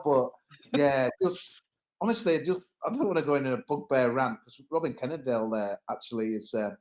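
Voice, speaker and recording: Lively, rambling East Midlands man. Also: on the high side, brisk, roomy sound. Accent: English East Midlands. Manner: rambling storytelling with laughs. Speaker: pod regular. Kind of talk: casual podcast chat.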